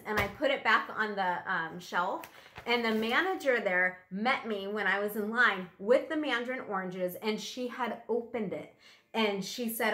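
In a room with noticeable echo and faint music behind her, a middle-aged woman vlogs while unboxing a pack, chatting in a rambling, easily amused way. Her mid-range voice is bright and forceful, at a normal pace.

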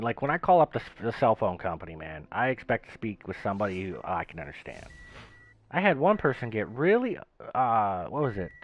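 Lively man rambling over game chat. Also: medium pitch. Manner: animated, rambling storyteller. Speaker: gaming channel host. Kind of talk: casual chat while gaming. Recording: dull lo-fi voice chat.

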